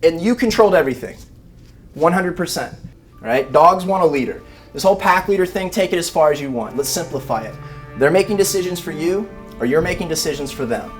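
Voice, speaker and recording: A man, an animal behavior trainer giving a lively live talk to rescue volunteers and acting out everyday scenes. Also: on the high side, a little fast, soft background music. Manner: animated, acts out scenes with shouted mock voices.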